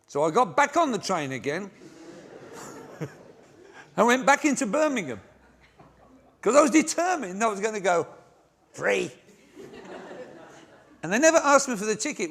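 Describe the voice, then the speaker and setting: Older preacher telling jokey stories. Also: male voice, sits high, fairly bright tone. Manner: anecdotal, self-mocking, jokey delivery. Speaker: pastor. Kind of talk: humorous sermon storytelling. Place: large church before a congregation.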